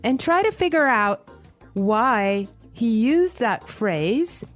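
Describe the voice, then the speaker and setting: A woman co-hosting an English lesson podcast, explaining clearly. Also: fairly high pitch, expressive, faint music behind. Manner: slow, clear teaching delivery. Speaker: podcast co-host.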